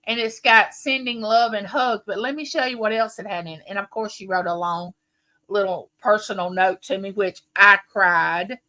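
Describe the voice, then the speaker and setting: A woman in her late 50s livestreams from home, chatting warmly and telling rambling stories to her viewers. Her mid-range voice is fairly even in intonation and moves at a moderate pace.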